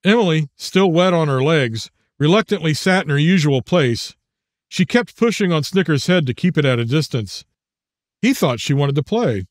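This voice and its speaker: A man narrating his own audiobook in a measured, even storytelling manner. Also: on the high side, no room sound, clean studio sound.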